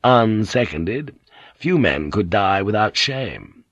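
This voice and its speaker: A male audiobook narrator with a low voice who reads in an even, measured way. The sound is dry and close, with no room echo. The recording has a dull, lo-fi quality. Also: slightly rough. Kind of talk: scripted narration.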